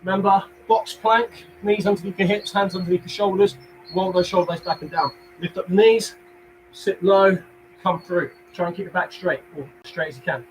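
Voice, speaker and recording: An energetic young man with a London accent coaches a home workout, his voice sitting high for a man. He counts reps, encourages viewers and drops jokey asides. A faint hum runs under the recording. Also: moderate pace, low-quality recording. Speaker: fitness instructor.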